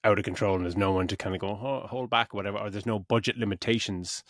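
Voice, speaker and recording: A man's voice: lowish voice, fairly even intonation, fast, a bit bright, no room sound. A middle-aged podcast co-host talks through a film review in a loose, rambling way, swearing freely and acting out his own reactions. His voice is recorded close and dry, with no room sound around it. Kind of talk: casual film review chat.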